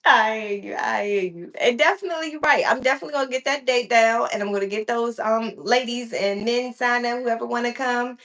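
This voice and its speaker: Gravelly-voiced woman host agreeing. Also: a little high, fairly quick, few pauses, a bit bright. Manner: affirming, agreeable responses. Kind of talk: casual chat.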